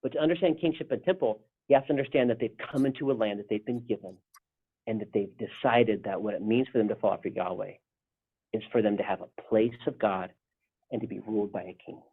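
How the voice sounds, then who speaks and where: A man's voice: on the low side, fast talker, husky. A male pastor leading a casual Bible study discussion, rambling with frequent restarts. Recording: tinny phone-like sound.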